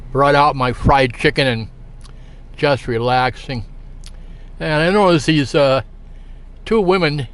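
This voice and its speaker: A man spins a casual anecdote, wandering and halting, with plenty of uhs and restarts along the way. His voice sits a bit higher than most men's. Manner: rambling and halting, full of fillers and restarts. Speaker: storyteller.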